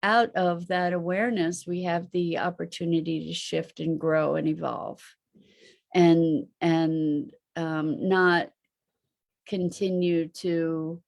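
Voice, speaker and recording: A woman's voice: lowish voice, level tone, takes it slowly, vocal fry. A woman hosting a reflective live online talk, musing aloud and posing rhetorical questions. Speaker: host and teacher.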